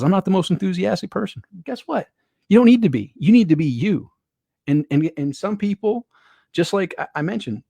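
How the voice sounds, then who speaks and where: A man giving an energetic motivational business webinar, talking conversationally and repeating key phrases with rhetorical questions. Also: a little high, no room sound, studio quality. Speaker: online business coach.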